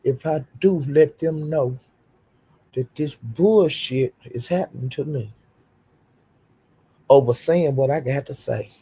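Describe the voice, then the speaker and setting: Older woman streamer, husky and gravelly, dark tone, profane defiant rant. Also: rumbling low, slow pace, pauses often. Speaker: YouTube streamer. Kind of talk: livestream rant.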